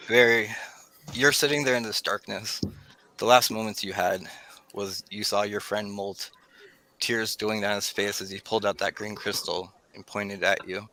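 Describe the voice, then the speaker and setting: A man's voice: on the low side, sharp tone, poor audio. A man running a tabletop game as game master, narrating scenes and speaking for deities. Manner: describes scenes at length, voices deities in quotes.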